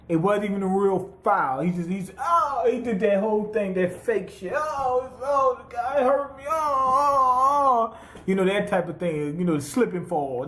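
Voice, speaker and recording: A man's voice: high-pitched, echoey room. A man giving a casual, profane recap of an anime episode, acting out the characters' lines as he tells it. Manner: animated, profane storytelling with acted-out quotes. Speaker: anime reviewer.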